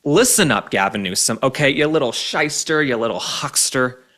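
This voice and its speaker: A man's voice: medium pitch, lively intonation, normal speed, pushed and bright. Sarcastic male political commentary host. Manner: sarcastic, combative, mocking.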